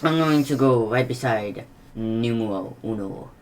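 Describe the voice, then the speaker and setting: A man's voice: medium pitch, unhurried. Eager man playing a tabletop game. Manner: reacts eagerly, asks rules questions. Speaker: player. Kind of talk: casual tabletop play.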